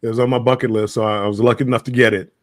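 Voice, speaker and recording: A man's voice: medium pitch, flat delivery, no room sound, clean studio sound. An American man telling travel stories in a casual livestream chat, often repeating his words as he starts. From United States. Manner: halting, repeats words, chuckling storyteller. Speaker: guest.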